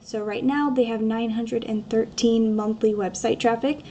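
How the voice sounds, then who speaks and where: A woman consultant explains a website review over a shared screen, talking straight to her client. Her voice sits a little high but sounds mellow and soft-edged. Faint background hiss stays under the recording. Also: moderate pace, highs cut off. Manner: explanatory, steady, addresses the client directly. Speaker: marketing consultant. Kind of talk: screen-share sales walkthrough.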